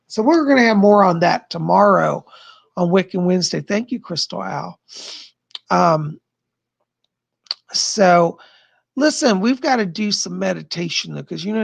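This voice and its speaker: A middle-aged man with a strained, gravelly voice, chatting with viewers and leading a guided meditation on a live stream. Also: high-pitched, lively intonation. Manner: chatty, gentle, thanks viewers by name; slow soothing guidance in meditation. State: strained, worn voice. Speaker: psychic medium streamer.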